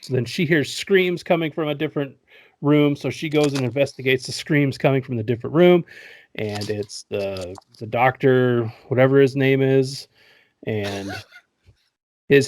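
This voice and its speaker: A man talks through a movie's plot in a loose, joking podcast recap, swearing freely and breaking into laughter. His voice sits at an ordinary middle pitch. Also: darkish tone. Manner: joking, profane, laughs often. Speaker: podcast host.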